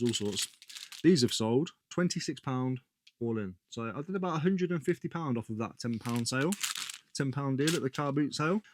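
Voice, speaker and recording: This British reseller vlogger, medium in pitch, chats informally about what he's picked up, slang-heavy and often self-correcting mid-thought. A slight background noise can be heard.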